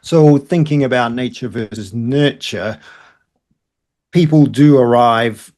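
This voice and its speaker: A man's voice: mid-range voice, slow, a little mellow. A man co-hosting a podcast, thinking aloud in casual talk and building his points step by step. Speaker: podcast co-host.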